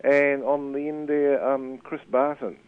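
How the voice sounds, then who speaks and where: A man's voice: medium pitch, flat delivery, unhurried, smooth. A man chatting casually on radio as a media commentator, hesitant with many fillers and restarts. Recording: tinny phone line.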